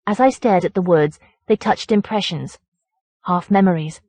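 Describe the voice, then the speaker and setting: A woman narrating a horror audiobook in a measured, deliberate voice. Her pitch sits on the low side, and the recording is close and dry with no room sound. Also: darkish tone, dry recording. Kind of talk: audiobook reading of a horror story.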